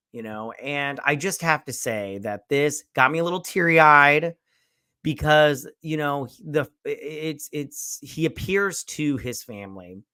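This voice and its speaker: Bright-voiced, enthusiastic male reviewer. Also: mid-range voice, no room sound. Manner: enthusiastic, rambling, swears casually. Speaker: show host and reviewer. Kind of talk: casual episode review.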